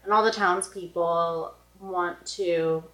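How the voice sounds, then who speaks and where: Woman, podcast co-host, lively film chat, echoey room. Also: lowish voice, slow. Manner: enthusiastic, acts out quotes. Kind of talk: casual film review chat.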